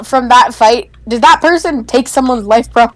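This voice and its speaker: Young woman streamer, slightly high voice, blunt joking casual chat with swearing, desk mic with keyboard clicks. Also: moderate pace, dry recording, rough recording. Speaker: streamer playing a building game.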